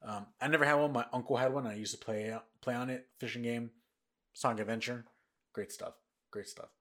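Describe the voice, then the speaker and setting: A man's voice: mid-range voice, fairly even intonation, quick pace, fairly bright tone. A man hosting a casual podcast, talking in a rambling way with lots of restarts and repeats, tired and yawning. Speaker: podcast host. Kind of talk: casual news chat.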